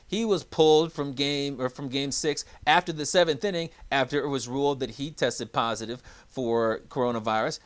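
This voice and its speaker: A man's voice: on the high side, fairly bright tone. A man co-hosting a sports talk podcast, with upbeat, hype announcer energy in casual chat. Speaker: podcast co-host.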